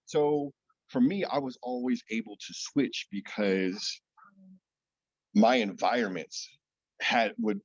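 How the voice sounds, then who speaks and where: A man's voice: medium pitch, takes it slowly, pauses often, no echo, muffled recording. A man speaking casually on a panel, telling stories with easy laughs. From United States.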